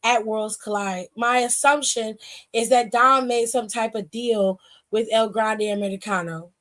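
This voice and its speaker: A woman hosting a wrestling aftershow, recapping in blunt, profane casual talk with heated sassy asides. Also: fairly high pitch. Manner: blunt and profane, retells scenes by acting out both sides; sassy, heated asides to the people she talks about. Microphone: streaming setup.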